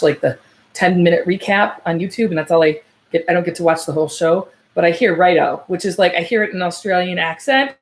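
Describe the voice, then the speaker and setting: In a lowish voice, a woman acting as a psychic medium gives a live reading. She sounds unsure and searching, with frequent fillers and restarts, then shifts to a soft, slow tone to pass on messages.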